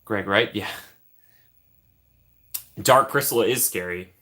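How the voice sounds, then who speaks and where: A man's voice: fairly low pitch, slow, pushed and bright. A man hosting a casual live stream, joking around and thanking his chat. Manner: jokey, thanks chat often, trails off into asides.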